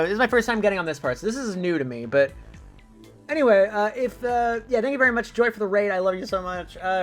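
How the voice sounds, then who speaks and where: Casting: young man, casual game streamer, chatty and rambling, voice swinging up and down in pitch. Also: a bit bright. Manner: rambling and chatty, many fillers and giggles. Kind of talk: casual let's-play commentary.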